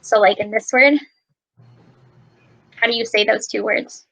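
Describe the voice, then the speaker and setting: A woman's voice: mid-range voice, steady tone, a little slow, gravelly, fairly bright tone, poor audio. A woman with a Minnesotan American accent tutoring English on a video call, chatty and explaining with examples. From Minnesota, USA. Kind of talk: casual conversation lesson.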